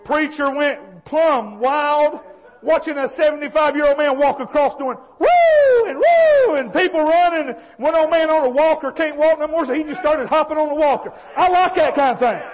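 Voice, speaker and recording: In a dull, lo-fi recording, a preacher with a very high voice gives a fiery sermon at a moderate pace. His style is homespun and passionate, often rising into shouts.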